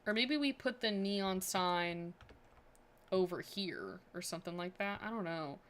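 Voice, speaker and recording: A woman's voice: lowish voice, expressive, unhurried, fairly bright tone. A woman streaming a building game, chatting casually and thinking aloud with many fillers. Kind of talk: casual livestream chat.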